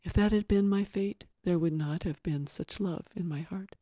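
Man, story podcast reader, higher mellow voice, gentle expressive delivery, dry sound. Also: normal speed, hardly any pauses, no room sound. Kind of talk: reading a novel excerpt aloud.

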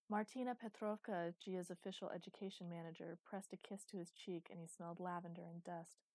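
A woman reading a science fiction audiobook in a steady, even storytelling manner. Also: on the low side, a little fast, few pauses, no room sound. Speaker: audiobook narrator. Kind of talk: scripted narration.

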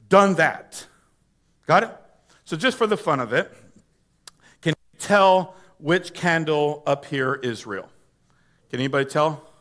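A man's voice: fairly high pitch, fairly bright tone. A man preaching a sermon to his church, impassioned and pleading, calling out questions for the congregation to answer. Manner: impassioned, pleading, calls for audience responses. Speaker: pastor. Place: church sanctuary.

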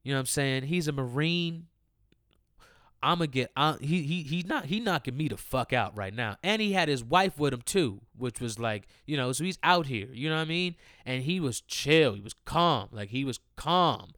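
A man in his twenties telling a profane, animated story in casual talk, repeating lines for emphasis. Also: medium pitch, moderate pace, no room sound, studio quality.

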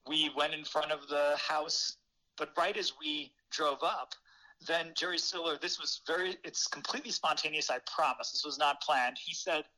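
A man, a former newspaper reporter, telling a story as an interview guest in a lively, laughing way with many fillers. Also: fairly high pitch, normal speed, low-quality recording. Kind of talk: casual storytelling.

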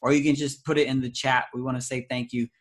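A man's voice: medium pitch, little pitch movement, fast talker. A playful man hosts a children's ministry meeting over a video call. He talks in a loose, goofy way and reacts to things with easy amazement. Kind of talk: casual video call with kids.

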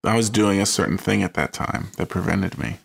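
Male co-host, low and gravelly, animated pitch; rambling casual delivery. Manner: rambling, halting speech with fillers. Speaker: podcast co-host. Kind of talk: casual chat.

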